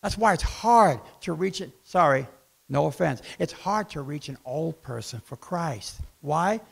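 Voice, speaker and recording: A man preaching a sermon as pastor in a church, swinging between loud outbursts and hushed asides and acting out voices in quoted dialogue. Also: fairly high pitch, expressive, a little slow, gravelly, slightly rough.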